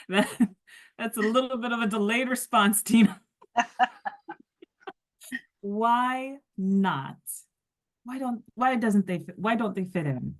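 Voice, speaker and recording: A woman's voice: a little high, slow, long pauses. A woman facilitating a workplace workshop, conversational, putting questions to participants. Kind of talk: workshop lecture.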